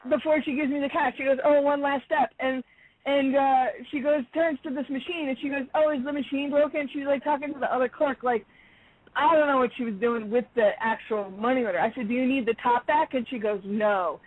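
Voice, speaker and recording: A woman caller telling a story in a casual, animated way, acting out the dialogue and laughing often. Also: high voice, brisk. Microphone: phone. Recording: tinny phone line.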